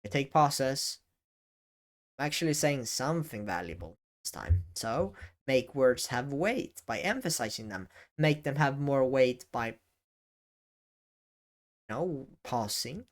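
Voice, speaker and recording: A man talking to the camera in a casual advice vlog, often halting and correcting himself as he goes. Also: mid-range voice, animated. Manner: halting, self-correcting, varies emphasis. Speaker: YouTube creator. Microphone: camera facing speaker.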